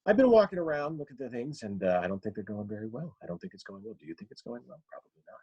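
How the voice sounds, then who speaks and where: A man's voice: animated, rapid-fire, husky, highs cut off. A man doing a condescending, trailing-off actor. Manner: starts high, sinks to a quiet condescending tone. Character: condescending male actor, sentences falling to quiet.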